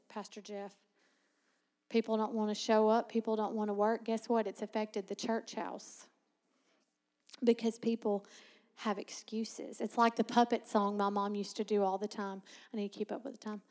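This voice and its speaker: A woman preaching a sermon, teaching with lively asides and frequent laughter. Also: medium pitch, normal speed, long reverb tail.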